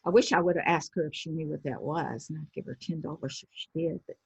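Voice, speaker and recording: A husky, lower-voiced woman in her sixties recounts stories as an interview guest, a former pro wrestler who animates her anecdotes by acting out the people she quotes. The recording is dull and lo-fi, with a dry, close sound. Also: fast, no room sound. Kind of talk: casual storytelling interview.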